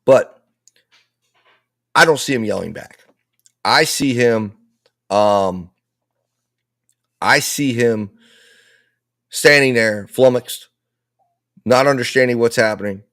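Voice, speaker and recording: A man's voice: mid-range voice, takes it slowly, pauses often, a bit bright, dry recording, studio quality. A man commenting on a live trial, laying out and arguing with the other side's case in a repetitive, persuasive way. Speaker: legal commentator.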